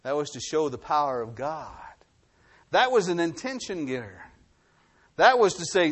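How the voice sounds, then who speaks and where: A man preaching a sermon, reading scripture aloud and then explaining it, swinging between forceful bursts and low hushed phrases. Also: sing-song, moderate pace, breathy edge. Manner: reads scripture then preaches with rising and falling intensity; drops to a low hushed voice for emphasis. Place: New Mexico.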